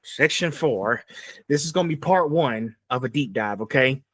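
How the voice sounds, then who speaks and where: A man's voice: medium pitch, expressive, moderate pace, a bit bright, no echo. A young man from Georgia in the US hosting a casual podcast interview, asking eager fan questions. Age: young adult. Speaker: podcast host.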